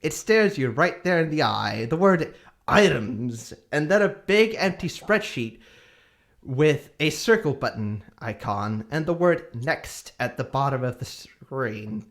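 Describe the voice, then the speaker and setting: A man's voice: mid-range voice, lively intonation, unhurried. A man streaming, reading a long game review aloud with small hesitations.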